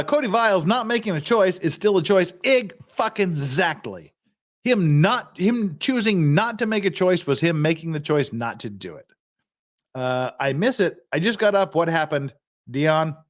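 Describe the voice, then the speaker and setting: A man hosting a casual livestream, swearing a lot and rambling while he drinks and gets tipsy. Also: high voice. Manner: profane, rambling, mocking. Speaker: livestream host.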